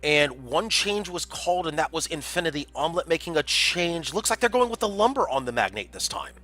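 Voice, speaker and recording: A man's voice: on the high side, very animated, a little fast, pushed and bright, faint music behind. A man casting a community game tournament on a livestream, chatty and jokey, reading out chat messages. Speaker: tournament caster.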